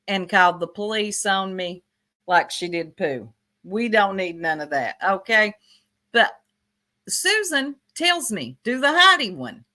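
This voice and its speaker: A woman's voice: fairly low pitch, pushed and bright. A woman from Tennessee with a Southern accent, gossiping bluntly on a casual livestream and laughing often. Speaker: streamer.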